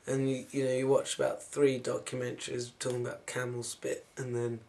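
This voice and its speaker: A man's voice: mid-range voice, completely flat delivery, a little fast, gravelly. Musing man on spiritual matters. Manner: musing, wandering, with soft laughs and trailing-off phrases. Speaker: spiritual vlogger. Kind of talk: casual spiritual monologue.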